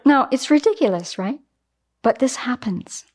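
Woman Buddhist teacher, mid-range voice, lively storytelling dharma talk. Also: mid-range voice, moderate pace. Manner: animated, acts out everyday examples.

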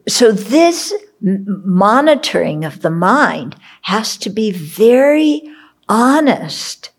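A woman's voice: mid-range voice, very animated, slow pace, slightly rough. A Buddhist woman teacher giving a reflective dharma talk, checking in often with her listeners. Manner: reflective, checks in with "okay?", acts out inner voices.

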